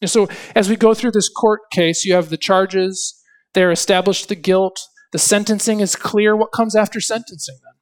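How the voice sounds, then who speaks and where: A male preacher giving an expository sermon, asking rhetorical questions and reading scripture with dramatic emphasis. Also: sits high.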